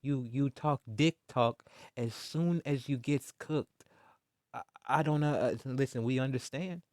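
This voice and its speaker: A man with a darkish, mid-range voice speaks a little slowly in a dry studio recording as he rants casually about sports. As a commentator vlogger he is insistent and mocking, emphatic and repetitive, heavy on slang and jabs, and adds "man" to his lines.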